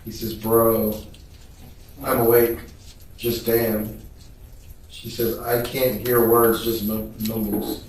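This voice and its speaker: A man testifying in court, reading text messages aloud in a measured, flat way. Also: on the low side, a little hiss or hum. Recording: echoey room, voice picked up from a distance.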